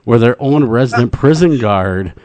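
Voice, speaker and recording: A man's voice: medium pitch, expressive, normal speed, darkish tone, no echo. A man hosting a radio talk show in casual banter, joking and rambling and laughing easily.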